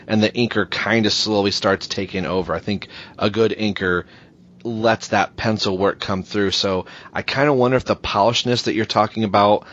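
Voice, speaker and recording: A man with a low voice muses through ideas on a podcast, often restarting and posing questions. The sound is muffled and lo-fi. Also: fairly bright tone. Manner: thinking aloud, hesitant restarts. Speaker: podcast co-host. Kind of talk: casual podcast chat. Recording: dull lo-fi audio.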